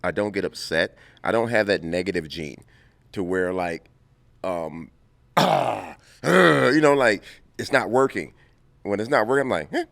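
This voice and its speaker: A man in his fifties from Compton, telling stories as an interview guest, animated and quick to laugh. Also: lowish voice, gravelly, no echo. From Compton, California. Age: 50s. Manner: animated, laughing storyteller who acts out scenes. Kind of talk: casual interview storytelling.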